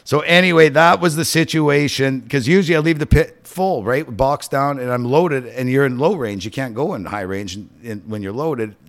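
A man's voice: medium pitch, moderate pace, hardly any pauses. A middle-aged man hosting a podcast, telling a rambling, profane story in casual chat. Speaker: podcast host.

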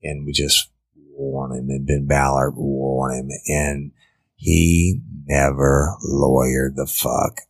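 Ex-detective, deep voice with a flat delivery, blunt and profane, matter-of-fact storyteller. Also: male voice, slow, no echo, faint music behind. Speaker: former police detective. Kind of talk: storytelling in an interview.

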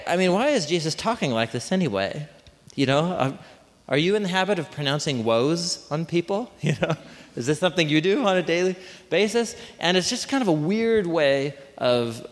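A man preaching a conversational sermon to a congregation, often asking them questions. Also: on the high side. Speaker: pastor. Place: church hall with congregation. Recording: long hall reverb.

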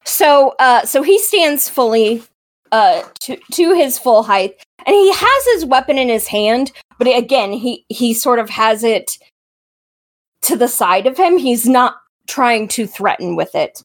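A woman's voice: a little high, animated, unhurried. A woman running a tabletop game as game master, narrating hesitantly with many fillers.

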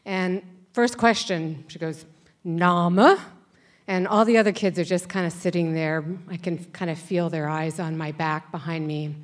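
A woman in her sixties, her voice lowish and steady, speaks at a moderate pace with hardly any pauses. Performing for a live audience on stage, she delivers a wry, conversational personal tale and voices its characters.

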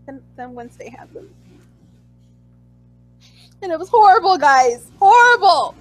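A woman co-hosting a casual chat, animated and acting out her own reactions in squeals. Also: high-pitched, unhurried, faint music behind, poor audio. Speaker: podcast co-host.

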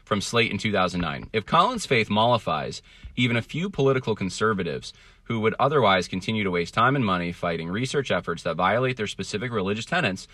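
Low, bright-voiced man hosting a podcast. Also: animated, quick pace, no room sound. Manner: rambling, many fillers and restarts. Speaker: podcast host. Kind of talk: casual podcast monologue. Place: traveling, indoors.

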